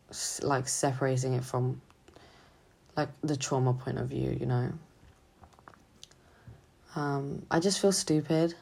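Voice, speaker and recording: A young woman student talking haltingly and hesitantly in a confessional vlog, sounding drained and low on energy. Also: steady tone, creaky, dark tone, husky. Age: young adult. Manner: halting, hesitant, full of restarts. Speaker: student vlogger.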